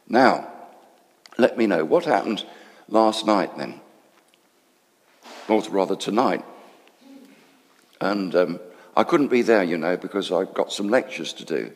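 Man playing a temple council member, confiding, animated, lively low voice, long hall echo. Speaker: storyteller in character. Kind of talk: dramatic monologue.

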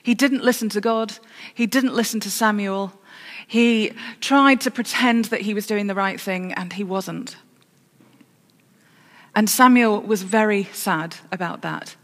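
A woman's voice: mid-range voice, a little slow. Woman preaching in a reverberant church. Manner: storytelling with self-corrections and dry humour. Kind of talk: sermon.

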